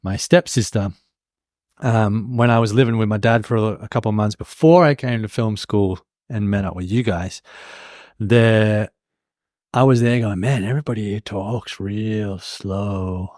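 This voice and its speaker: Brief: young Australian-raised podcast co-host, low voice, mild accent, animated tangents, dry close mic. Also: male voice, normal speed, no echo. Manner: animated storyteller, jumps between tangents. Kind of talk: casual chat.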